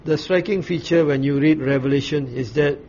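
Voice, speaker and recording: A man giving a Bible study, explaining scripture in a measured way with frequent pauses and restarts. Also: on the high side, warm tone. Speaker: Bible teacher. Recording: slightly dull recording with faint ambient noise.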